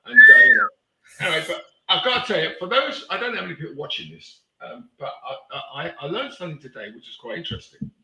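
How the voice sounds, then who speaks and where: A man's voice: on the high side, sing-song, quick pace, gravelly, roomy sound, background noise. A man in casual chat, rambling and blunt, swearing freely as he talks. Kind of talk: casual live-stream chat.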